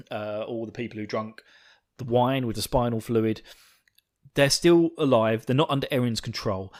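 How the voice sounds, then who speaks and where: A man hosting a podcast, recapping an episode in a gushing, excitable, swearing way. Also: medium pitch. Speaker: podcast host.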